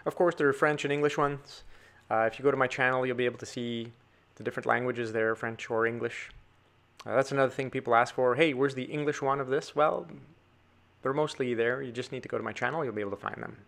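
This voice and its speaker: A man's voice: mid-range voice, fairly even intonation, fast talker, vocal fry, a bit bright. A man giving a chatty drawing tutorial, talking to viewers as he sketches. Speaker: drawing teacher.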